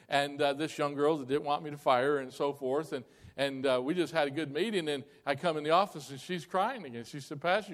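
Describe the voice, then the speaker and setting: A man who is a pastor, telling a story in a sermon in a folksy, animated way and acting out the dialogue, heard in a church. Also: medium pitch. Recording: echoey hall with long reverb.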